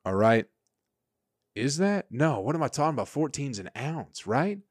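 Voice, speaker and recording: A man's voice: mid-range voice, very animated, moderate pace, no room sound, clean studio sound. A man hosting a casual solo podcast, rambling and swearing in an exasperated way. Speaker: podcast host.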